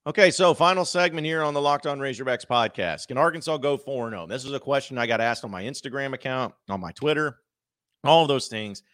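A man's voice: mid-range voice, animated, a little fast, a bit bright, clear, resonant tone, dry recording, studio quality. A man hosting a sports podcast, talking casually, rambling and correcting himself as he goes. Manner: rambling, self-correcting, chatty. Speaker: podcast host.

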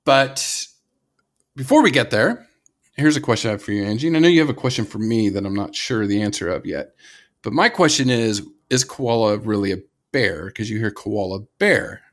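A man's voice: fairly low pitch, expressive, normal speed, fairly bright tone. A man with an American accent co-hosting a casual conservation podcast, talking enthusiastically and rambling, with many restarts and laughs. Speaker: podcast co-host.

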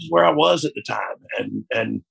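A man's voice: fairly low pitch, lively intonation, normal speed, gravelly, a bit bright, breathy edge. A man being interviewed as a guest, talking frankly and reflectively, often checking "you know what I mean?". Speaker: interview guest, former wrestler. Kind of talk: candid conversational interview.

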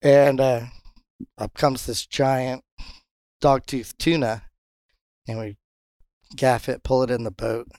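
A man who captains a charter fishing boat, telling fishing stories in a casual interview and jumping into high voices when he quotes others. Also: slow pace, pauses often, no echo, clean studio sound. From Pompano, Florida. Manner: animated storyteller, jumps high when quoting others.

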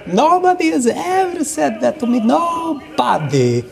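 A flamboyant Italian man, eager and theatrical. His accented voice sings up and down, high and slow with a gravelly edge. It comes from a film clip with faint music behind it. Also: big pitch swings, a crowd in the background, full character voice. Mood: gushing. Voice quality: sing-song, musical cadence.

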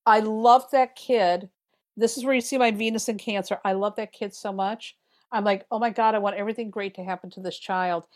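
On a podcast, a middle-aged woman who reads tarot tells stories in relaxed conversation, playing out her own lines with animation. Her voice is medium-pitched and a little fast.

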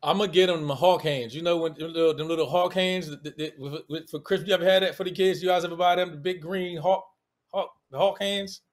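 Male co-host with a Washington DC accent, high-pitched for a man, animated and slangy banter. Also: fast. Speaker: podcast co-host. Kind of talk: casual sports podcast chat.

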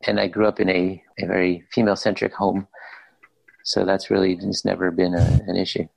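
A man's voice: low voice, flat delivery, a little fast, vocal fry, husky, no echo, rough recording. A middle-aged man talking casually as co-host, laid-back and hesitant. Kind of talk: casual chat.

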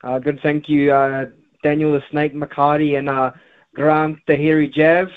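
A man's voice: fairly high pitch, little pitch movement, measured pace, clear, resonant tone. A man calling in to a sports radio show, talking rugby with lots of ums and uhs. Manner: hesitant, many fillers. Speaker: caller. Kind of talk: phone-in sports chat. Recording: phone line.

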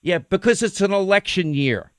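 Male opinion radio host: combative, rapid-fire, emphatic; slightly high pitch, dead-dry studio sound. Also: lively intonation, dry recording. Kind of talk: political opinion talk show.

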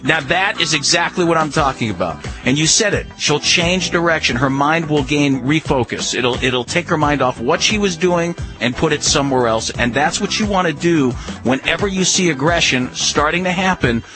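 A man giving calm, firm dog-training advice to a radio caller, coaching him step by step. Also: on the high side, normal speed, few pauses, over music, rough recording. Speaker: dog behavior expert.

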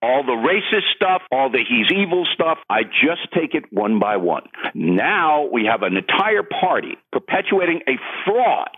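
A man's voice: medium pitch, very animated, a little slow, husky, phone-quality sound. A man who is an author and political commentator, talking as a guest in heated, emphatic commentary. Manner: emphatic, gets worked up, repeats for punch.

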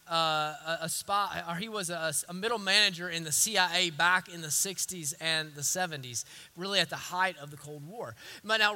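A man delivers a sermon in a high, very bright voice. He drops to near-whispers for tender moments, then climbs into forceful, rhythmic repetitions. He often stammers and restarts his phrases. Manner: swings from hushed to forceful repeated declarations. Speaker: pastor.

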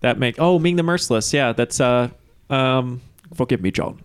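A podcast co-host rambles and jokes, filling his talk with uhs. His voice is gravelly, and the recording is dry and close. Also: mid-range voice, moderate pace, no room sound. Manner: rambling, many filler uhs, joking. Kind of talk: casual trivia podcast chat.

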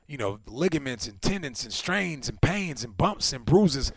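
A man in his thirties, a former football player, co-hosting a casual chat and telling stories with lively, acted-out quotes. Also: normal speed, breathy edge. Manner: animated storyteller, acts out quotes with big pitch swings. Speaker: podcast co-host, former NFL receiver.

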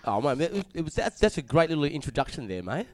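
A man's voice: a little high, very animated, quick pace, darkish tone. A man with an Australian accent hosting a casual podcast, teasing his guest with jokey banter. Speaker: podcast host.

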